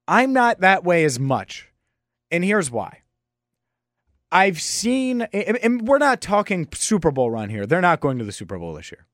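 A man's voice: medium pitch, dry recording. A young man talks loosely into a close, dry mic, hosting his own podcast. He rambles and restarts sentences often. His voice sits in an ordinary middle register. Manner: rambling, with frequent restarts and fillers. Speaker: podcast host. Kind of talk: casual solo podcast talk.

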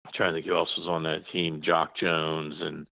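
A man's voice: extremely low pitch, level tone, normal speed, creaky, no room sound. A man in his forties, a journalist guest, chatting in a rambling way with many restarts and fillers. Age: 40s. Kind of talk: casual interview chat. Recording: tinny phone line, dry.

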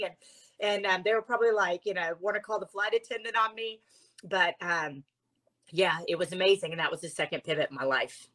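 Telling her own story as an interview guest, this woman is emotional and lively, occasionally on the verge of tears. She has a mid-range voice and talks fairly quickly.

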